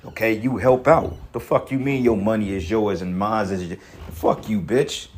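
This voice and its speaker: A man's voice: on the low side, steady tone, normal speed, darkish tone. Angry, profane man ranting. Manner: profane, angry and emphatic, with many restarts. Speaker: commentator reacting to a clip. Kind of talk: heated reaction rant.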